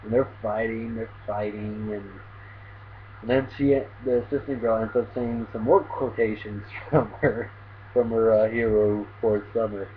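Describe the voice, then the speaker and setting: A man's voice: on the low side, steady tone, normal speed. A man hosting his own anime review channel, retelling an episode in a casual, rambling way full of fillers. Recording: tinny phone-like audio, faint hiss.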